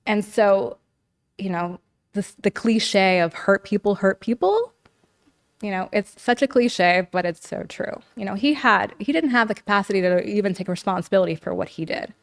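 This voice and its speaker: A woman's voice: medium pitch, moderate pace, gravelly. A woman as a podcast guest, earnestly telling a personal story in casual speech packed with "like" and "you know.". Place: living in Los Angeles.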